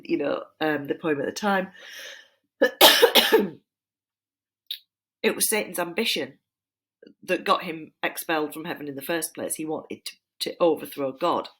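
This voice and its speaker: A woman's voice: sits low, fairly bright tone. A woman teacher giving a recorded lesson, chatty and informal with asides. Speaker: literature teacher.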